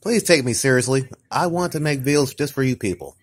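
A weary man vents to his viewers in a casual vlog. He talks in halting, repetitive bursts, restarting phrases and trailing off. His voice sits at an ordinary male pitch. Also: lively intonation, husky. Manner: upset, ranting tone. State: tired. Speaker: vlogger. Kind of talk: casual mukbang vlog talk.

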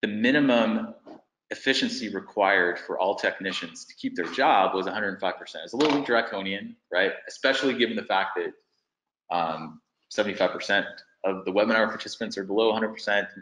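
A man's voice: low-pitched, pushed and bright, roomy sound, rough recording. A man presenting a business webinar, thinking aloud as he walks through figures on screen.

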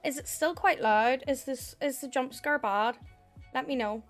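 Young Northern Irish woman, high voice, friendly live-stream chatter; faint music under her. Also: unhurried. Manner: chatty, thanks viewers by name, says "heck". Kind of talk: casual live-stream chat.

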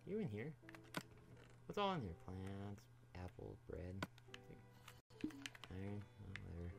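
A man's voice: deep voice, very animated, slow pace, gravelly, long pauses, music in the background. A young man giving casual, rambling commentary while playing a video game, swearing freely and talking to the characters on screen. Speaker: gaming YouTuber.

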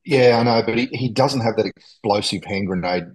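Husky-voiced man giving blunt footy opinions. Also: lowish voice, normal speed, poor audio. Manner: blunt, opinionated, calls people mate. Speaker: podcast co-host. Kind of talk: casual sports chat. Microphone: video call.

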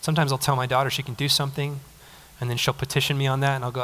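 A young man preaching a casual, conversational sermon, animated, acting out little quotes. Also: medium pitch, rapid-fire, long reverb tail, slight background noise. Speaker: pastor. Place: church sanctuary.

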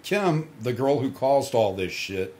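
A middle-aged man with a swaggering, profane storytelling manner, laughing through his own tales. His pitch swings widely as he plays out both sides of a quarrel, and he keeps the chat loose and casual. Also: very animated, measured pace, a little mellow. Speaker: podcast guest storyteller.

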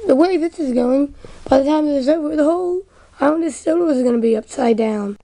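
A fed-up little tank engine in a homemade storybook, pleading for peace in a high, mellow voice as a woman voices him. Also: fairly quick, dry recording. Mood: exasperated. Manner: exasperated, pleading for calm. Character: exasperated small male tank engine.

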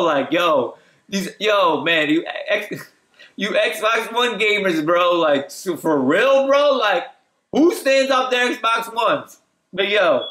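A young man with a high voice tells a casual storytime anecdote to his viewers, slangy and animated, breaking into laughter. The room around him has a strong echo. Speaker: vlogger.

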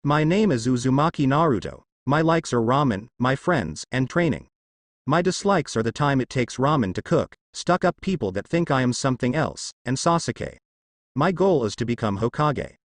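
A man's voice: mid-range voice, expressive, moderate pace, dry recording, studio quality. A man voicing a brash, cocky teenage ninja boy in a fan fiction reading, near his own voice. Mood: matter-of-fact.

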